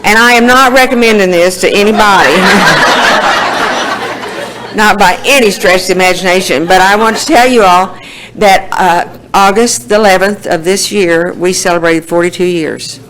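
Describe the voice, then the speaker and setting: Laughing often, a sixty-something woman with an Oklahoma accent gives a folksy personal testimony of her life at a recovery meeting. Her mid-range voice is unhurried, and the recording is very noisy.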